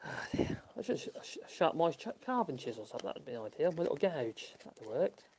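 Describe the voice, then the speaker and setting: A woodworking channel host with a fairly high voice that's gravelly, husky, and a little mellow talks fast and very animatedly. He rambles casually to the camera while working on a project in his workshop, chuckling and talking to himself.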